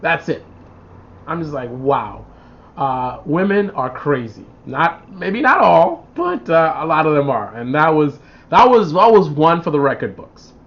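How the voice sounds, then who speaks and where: A man hosting a casual livestream, reading out viewer comments and telling rambling stories in an animated way. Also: on the high side, a little slow. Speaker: livestream host. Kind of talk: casual live-stream chat. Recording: dull lo-fi livestream audio.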